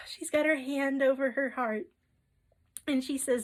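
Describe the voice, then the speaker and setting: A woman's voice: high-pitched, steady tone, slow. A young adult woman giving a spiritual tarot reading, earnest and emotional, who often checks in with "okay?" and fills with "like". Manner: soft, earnest and emotional, with frequent "okay?" and "like" asides. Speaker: tarot reader.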